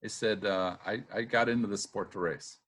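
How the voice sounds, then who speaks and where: A middle-aged man with a fairly low voice spins casual stories from his racing days. He mimics the people in them, laughs readily, and peppers his talk with "uh" and "um.". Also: moderate pace. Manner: lively anecdotes, acts out quotes, laughs often; filler-heavy with "uh" and "um". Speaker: retired boat racer, guest. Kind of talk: casual storytelling interview.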